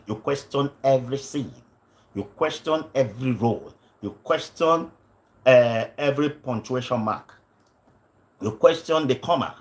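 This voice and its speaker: A man's voice: mid-range voice, unhurried. A man coaching acting on a livestream, stressing his points, repeating lines and often asking "you understand?". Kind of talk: livestream teaching talk.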